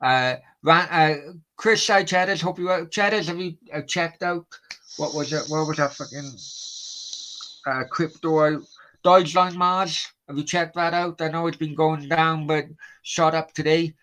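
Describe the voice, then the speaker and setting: A man's voice: fairly high pitch, measured pace, pushed and bright, low-quality recording. A man hosting a late-night stream, chatting casually and swearing while he reads out viewer comments. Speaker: livestream host.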